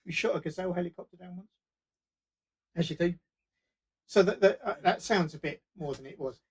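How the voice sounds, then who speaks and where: A man telling casual, animated stories as a podcast guest. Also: high voice, a little fast, slightly rough, low-quality recording. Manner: lively, animated anecdote-telling. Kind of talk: casual storytelling.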